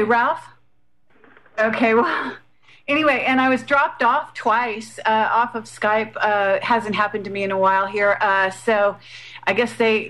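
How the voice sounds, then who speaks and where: A woman's voice: medium pitch, fairly bright tone, rough recording. A woman hosting a radio interview, chatty and apologetic as she steers her guest back on track. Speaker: radio host.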